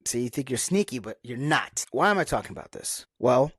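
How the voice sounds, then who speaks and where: On his casual solo podcast, a young host talks frankly and self-reflectively, rambling with many fillers and restarts. His medium-pitched voice is very animated, brisk, a bit bright, and breathy at the edges, recorded at studio quality with no room sound.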